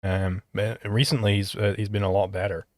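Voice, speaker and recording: A man co-hosting a livestream, talking casually and haltingly with many fillers. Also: lowish voice, little pitch movement, dry recording.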